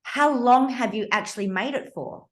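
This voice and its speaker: An Australian woman in her fifties hosting a podcast, telling a personal story in an animated, emphatic and blunt way. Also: a little high, moderate pace. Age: 50s. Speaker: podcast host.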